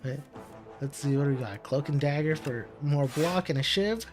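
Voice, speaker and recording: A man with a voice on the high side talks at a moderate pace over soft background music. He's a gaming commentator casually commenting on his own card game in let's-play style, walking himself through each move, muttering, and laughing at setbacks.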